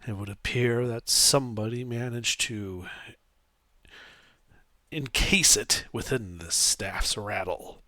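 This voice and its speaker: A man's voice: lowish voice, bright, forceful tone, dry recording. A man doing a shaky, grave scholar. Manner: shaky, grave, slow warning. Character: nervous male scholar wary of a cursed staff.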